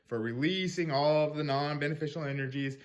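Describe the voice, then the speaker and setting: A man's voice: fairly high pitch, brisk. A man coaching a tapping technique in loose, rambling talk, swearing casually and acting out angry self-talk in a raised voice. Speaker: spiritual mindset coach.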